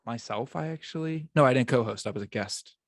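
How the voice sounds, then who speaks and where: A man's voice: mid-range voice, a little fast, no room sound, clean studio sound. A man hosting a podcast in casual chat, rambling and stumbling over his words. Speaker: podcast host.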